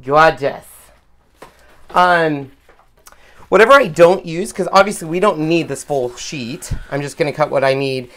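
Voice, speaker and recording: A loud, chatty woman co-hosting a live crafting stream, casually talking through a craft demo and getting excited about the results. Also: deep voice, normal speed.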